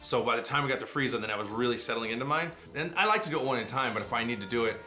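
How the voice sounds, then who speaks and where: A middle-aged man, a voice actor, telling animated stories in a casual interview. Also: medium pitch, faint music behind. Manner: fast, animated anecdotes with quick asides.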